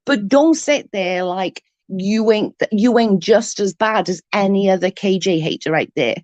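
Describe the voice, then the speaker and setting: A woman's voice: mid-range voice, measured pace, darkish tone, no room sound, lo-fi sound. A woman, ranting bluntly and mockingly as an online commentator, full of profanity. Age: 30s. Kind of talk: ranting live-stream chat.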